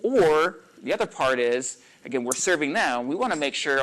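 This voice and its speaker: A man's voice: on the high side, moderate pace, poor audio. A man coaching a small audience on listening, talking casually and acting out example phrases. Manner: animated and conversational, acts out sample lines, frequent fillers. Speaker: coach teaching a workshop on listening. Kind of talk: casual live teaching talk.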